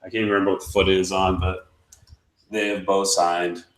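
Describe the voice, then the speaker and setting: A man's voice: sits low, a little fast. Guy rambling through a story on a live stream, laughs a lot, echoey room. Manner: excitable, rambling, laughs often. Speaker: podcast co-host.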